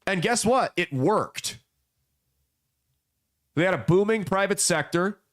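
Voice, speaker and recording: A young adult man hosts a podcast of casual political commentary, telling folksy parables with blunt emphasis. His high-pitched voice is animated, though he takes it slowly.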